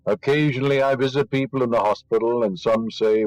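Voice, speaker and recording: A man's voice: medium pitch, steady tone, a little fast, a little mellow, no echo, faint music behind, low-quality recording. A man delivering a spiritual lecture, emphatic and teaching, scornful of superstition and fond of rhetorical questions. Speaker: inspirational lecturer.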